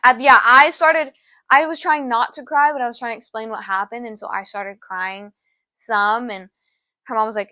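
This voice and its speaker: A woman's voice: fairly high pitch, expressive, normal speed, bright, forceful tone, no room sound. A young adult woman co-hosting a podcast, telling a personal story in an earnest, emotional way and acting out other people's words. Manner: earnest, emotional, acts out quoted voices. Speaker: podcast co-host.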